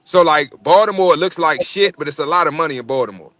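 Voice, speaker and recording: Bright, slightly high male voice with a dry, close sound and faint music underneath. He talks loosely and swears freely, wandering from story to story in casual podcast banter. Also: quick pace, dry recording. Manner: rambling, profane storytelling.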